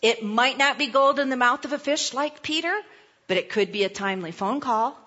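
A woman pastor giving a sermon, telling a personal story in a playful, animated way with asides. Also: a little high, brisk, highs cut off.

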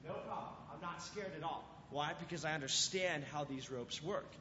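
Young guy youth pastor, kinda high voice, chatty sermon w lots of "like" and "right?", big echoey hall, muffled lo-fi sound. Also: moderate pace, slight background noise. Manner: animated storytelling, acts out scenes, fillers like "like" and "right?". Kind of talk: casual sermon to a youth group. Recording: dull lo-fi sound in a reverberant hall.

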